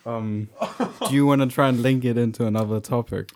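A man's voice: medium pitch, steady tone, brisk, darkish tone. A young man co-hosting a podcast in casual chat, bantering and laughing, often hesitant with fillers. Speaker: podcast co-host. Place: Denmark.

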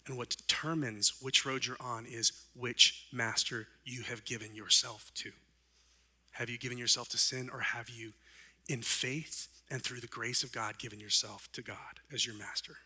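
Pastor type, male, mid-pitched and very bright, delivering an earnest sermon with swelling and hushed passages. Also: fairly even intonation, breathy edge. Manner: earnest preaching, voice swelling up then dropping soft, with slow emphatic phrases.

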